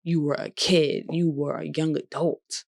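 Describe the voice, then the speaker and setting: A woman's voice: low-pitched, little pitch movement, measured pace, creaky, darkish tone, no room sound, clean studio sound. A young woman vlogger, talking in a heartfelt, conversational way about healing and forgiveness. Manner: heartfelt, conversational, drops into bursts of laughter. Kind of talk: emotional personal reflection.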